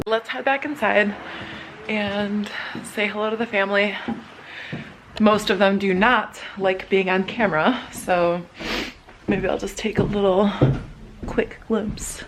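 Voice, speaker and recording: A woman's voice: medium pitch, steady tone, measured pace, noisy background. A woman in her thirties from Michigan, narrating her vlog in an earnest, reflective way. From Michigan, USA. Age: 30s. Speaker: vlogger.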